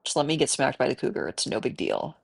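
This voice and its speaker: Speaking quickly in a bass voice with huge pitch swings, vocal fry and a breathy edge, this gaming streamer from the American Midwest chats and rambles while she plays. She has a cold and keeps addressing the animals in the game.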